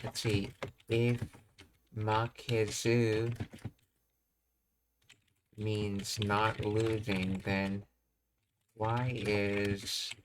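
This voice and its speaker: A man teaching a live-streamed Japanese lesson, reading explanations aloud haltingly and restarting often. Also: on the low side, level tone, slight background noise.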